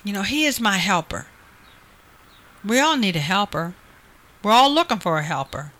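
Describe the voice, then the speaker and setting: A woman's voice: mid-range voice, very animated, normal speed, a bit bright. A woman preaching a sermon, earnest and repetitive, building emphasis through quoted promises.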